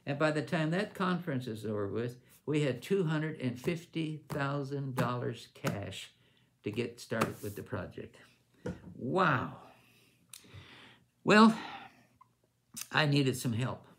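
A man's voice: mid-range voice, animated, measured pace, fairly bright tone. An older man, a ministry leader, telling a long personal story at a missions conference in a rambling, informal way, restarting sentences as he goes. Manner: rambling with restarts, acts out others' lines in raised voice.

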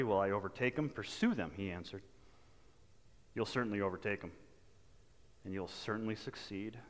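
A man's voice: on the low side, a bit bright, big-room sound. A male pastor giving a sermon in a conversational, folksy manner, often restarting his phrases. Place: church sanctuary.

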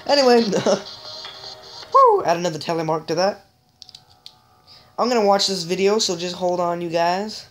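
A woman giving joking, excitable let's-play commentary, chatting straight to viewers and letting out sudden high yelps. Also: unhurried, pauses often, rough recording. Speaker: gamer. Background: game music.

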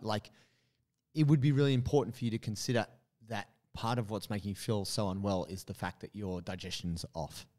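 A man's voice: on the low side, a little mellow. A man, telling a story in casual podcast chat with many fillers and quoted asides. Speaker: podcast co-host.

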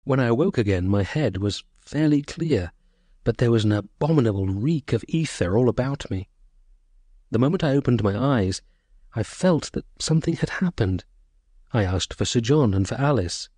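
A man narrating a short story as an audiobook, in a measured, sorrowful first-person voice. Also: medium pitch, expressive, dark tone, dry recording, studio quality.

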